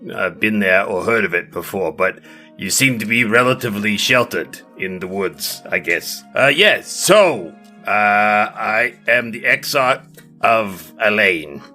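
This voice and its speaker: A man's voice: lowish voice, expressive, unhurried, sharp tone, soft background music. A man playing a pompous, boastful male mage king who stammers when flustered, in an improvised tabletop game. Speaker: game master. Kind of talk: improvised tabletop role-play.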